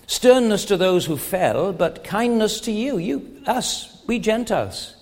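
A man's voice: high-pitched, animated, measured pace, hardly any pauses, big-room sound. A man preaching a sermon in an earnest way, asking rhetorical questions and often stammering and restarting his phrases.

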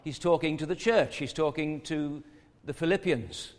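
A man's voice: fairly high pitch, normal speed. Man preaching in a reverberant hall. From not from the United States. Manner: conversational, asks rhetorical questions, many fillers and restarts. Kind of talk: sermon.

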